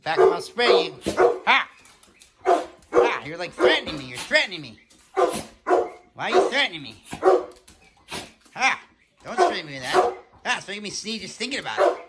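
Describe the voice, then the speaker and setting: A man voicing his male pet dog, wheedling to be let past and then squealing in panic, with loud barking behind. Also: high voice, wildly swooping pitch, brisk, over loud music, pitched above the performer's own voice. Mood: panicky.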